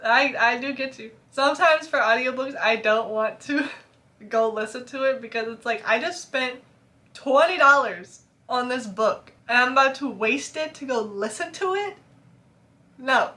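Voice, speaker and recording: Chatty young woman with a bright voice. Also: high-pitched, measured pace. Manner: chatty, laughs often, animated. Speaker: book vlogger. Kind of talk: casual chat reacting to reviews.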